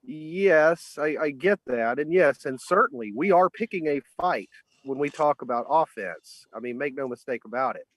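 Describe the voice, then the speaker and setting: A man's voice: a little high, expressive, normal speed, few pauses, a bit bright, dry recording. A man asking earnest, probing questions in a conversational interview.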